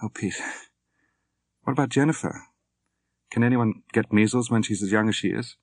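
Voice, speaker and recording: A man voicing an anxious young wife and mother who speaks softly and worriedly, in an audiobook reading. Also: on the low side, normal speed, no echo, natural voice. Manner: soft, worried.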